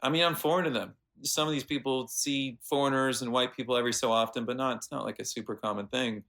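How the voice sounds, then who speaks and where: An American man, a veterinarian guest, telling animated stories in a casual interview with plenty of fillers. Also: medium pitch, quick pace. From United States. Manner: animated anecdotes with lots of fillers.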